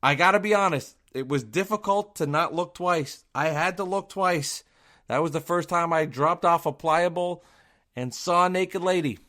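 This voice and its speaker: A man's voice: fairly high pitch, moderate pace, bright, forceful tone. A man hosting his own podcast, telling stories in a chatty, casual way with plenty of swearing. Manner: chatty, profane, self-deprecating. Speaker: podcast host. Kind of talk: casual storytelling.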